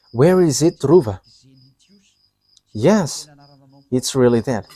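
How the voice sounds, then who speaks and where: A man preaching a live sermon, halting, with frequent pauses and fillers, and chuckling between statements. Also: medium pitch, lively intonation, dark tone, dry recording.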